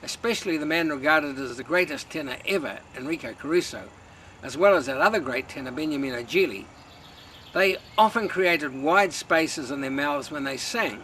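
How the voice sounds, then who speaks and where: A man giving a calm, measured lesson on singing technique. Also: fairly high pitch, slight background noise, low-quality recording. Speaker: singing teacher. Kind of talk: instructional talk.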